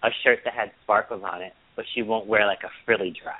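A chatty man co-hosting a casual talk show, rambling through a story and putting on a squeaky mocking voice for quotes. His voice sits low and is heard over a thin, tinny phone line. The sound is dry and close. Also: fairly even intonation, fast, husky, no room sound. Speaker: podcast co-host. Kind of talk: casual chat.

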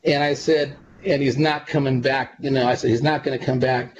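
A man being interviewed, talking in long, earnest, meandering stretches full of "uh" and "you know." His voice sits at an everyday middle pitch. The audio is dull and lo-fi, with plain background noise running under it. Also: steady tone, moderate pace. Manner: rambling, earnest, many fillers. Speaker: psychic medium guest. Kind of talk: casual interview storytelling.

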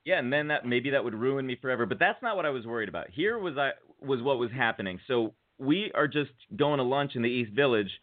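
A man hosting a casual comedy radio show, telling animated stories and laughing often. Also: medium pitch, quick pace, few pauses. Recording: tinny phone-like sound.

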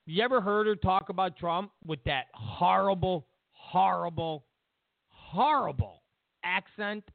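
A talk radio host with a high, gravelly voice delivers political commentary a little slowly. He rants and mocks repetitively, over a tinny, dry phone line with no room sound.

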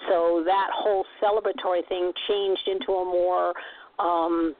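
A woman co-hosting a podcast with a voice that sits fairly low. She talks casually and rambles into side thoughts. The sound is thin and phone-like, as on a radio broadcast. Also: little pitch movement, a little slow, dry recording. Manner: chatty, trailing off into asides. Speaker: podcast co-host. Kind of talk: casual chat.

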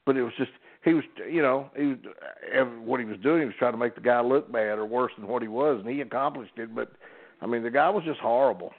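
A man's voice: mid-range voice, quick pace. An older man, a former wrestling referee telling folksy anecdotes with many restarts. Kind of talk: casual storytelling on a podcast. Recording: phone-like narrow sound.

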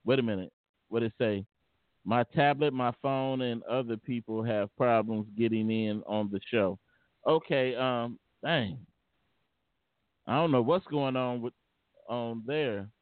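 A man's voice: mid-range voice, no echo. A man hosting a casual call-in talk show, stammering and repeating words as he goes. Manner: halting, repeats words, laughs often. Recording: tinny phone-like line, dry.

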